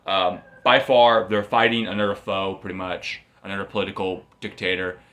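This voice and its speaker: A man's voice: sits low, little pitch movement, normal speed, fairly bright tone. A man casually recapping a manga story, rambling and often repeating and restarting phrases. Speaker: manga reviewer.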